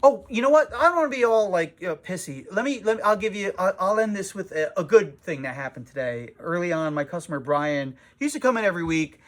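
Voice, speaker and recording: Animated, lively comic shop owner. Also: male voice, sits high, fast talker, hardly any pauses. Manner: animated, profane, self-mocking. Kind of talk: casual vlog rant.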